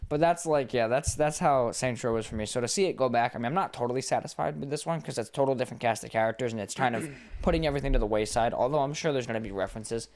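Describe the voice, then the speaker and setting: A young man co-hosting a casual podcast, voice at an ordinary middle pitch. He rambles through stories, swearing freely and restarting his thoughts as he goes. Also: rapid-fire, hardly any pauses, darkish tone. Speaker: podcast co-host. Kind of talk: casual chat.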